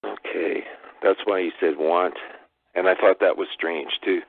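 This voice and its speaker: A man with a low voice hosts a call-in show, answering his caller with easy, short replies. The sound is dry and narrow, like a phone line. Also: steady tone, unhurried, creaky, husky, dry recording. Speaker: talk show host. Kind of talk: casual call-in chat.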